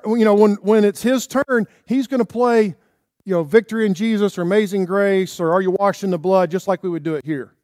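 A man's voice: sits high, darkish tone, no echo, clean studio sound. A man preaching a sermon in church, talking conversationally and checking in with "okay?" and "right?". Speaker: pastor.

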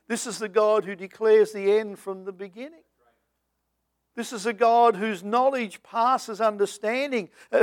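High-voiced preacher, booming then hushed. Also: male voice, no echo, clean studio sound. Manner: swings from booming to hushed, half-sung hymn lines. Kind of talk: sermon.

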